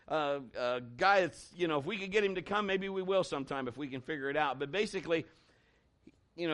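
A pastor preaches a sermon in a high voice. He builds his volume and calls out to the congregation as he goes. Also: fairly bright tone.

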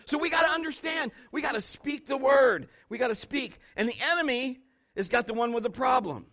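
A male pastor preaching a sermon with emphatic, animated storytelling. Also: very high voice, brisk.

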